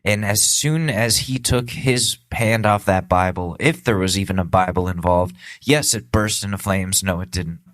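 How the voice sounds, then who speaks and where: A man's voice: deep voice, moderate pace, few pauses, fairly bright tone, no room sound. A man hosting a podcast, ranting sarcastically with lots of swearing in a comedic political monologue. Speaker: podcast host.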